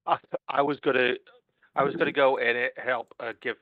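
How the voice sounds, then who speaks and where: A man playing a tabletop game, speaking haltingly and trailing off. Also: mid-range voice, little pitch movement. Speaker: player. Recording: tinny phone-like line.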